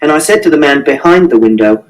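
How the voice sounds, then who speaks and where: A man's voice: on the high side, expressive, fast talker. Earnest man reading a first-person story. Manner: earnest, literal, matter-of-fact. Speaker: reader. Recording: distant mic.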